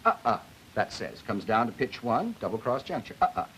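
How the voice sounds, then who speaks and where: A man's voice: lowish voice, big pitch swings, brisk, a bit bright, poor audio. A man lecturing on linguistics and demonstrating vocal sounds as he explains them. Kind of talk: classroom lecture with spoken demonstrations. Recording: old film soundtrack with faint hiss.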